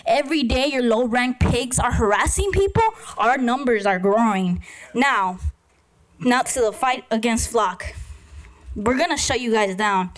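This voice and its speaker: A woman with a high voice delivers a furious public comment at a meeting. She swears freely and talks in confrontational bursts into a podium microphone. The sound is of a public meeting chamber. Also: fairly bright tone, rough recording. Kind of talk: angry public comment speech.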